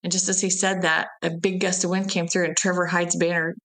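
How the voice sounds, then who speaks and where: A woman's voice: fairly low pitch, level tone, a little fast, a bit bright. A woman, a festival's event director, chatting as an interview guest and telling rambling, laughing anecdotes. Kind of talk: casual interview chat.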